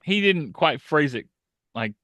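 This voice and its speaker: A man co-hosting a podcast, chatting in a laid-back way and dropping movie references, with a quiet chuckle now and then. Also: on the high side, animated, measured pace, dry recording, clean studio sound. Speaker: podcast co-host. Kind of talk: casual comic-book chat.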